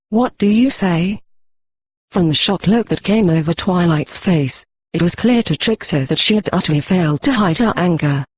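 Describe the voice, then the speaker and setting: Brief: male text-to-speech storyteller, a little high and husky, dry close sound. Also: dry recording. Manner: even, machine-read delivery. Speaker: narrator. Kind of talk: synthetic audiobook narration.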